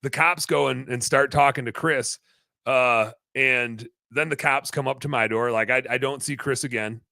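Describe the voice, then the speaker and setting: A man hosting a podcast, telling a long story in a rambling, animated way, full of fillers. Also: mid-range voice, moderate pace, creaky, no room sound. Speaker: podcast host, business owner.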